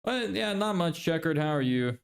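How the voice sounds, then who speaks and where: A man's voice: on the high side, animated, normal speed, vocal fry. Chatty young man streaming. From Ireland. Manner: loose and chatty, swears, laughs often. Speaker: livestreamer and agency owner. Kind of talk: casual livestream chat reading viewer messages.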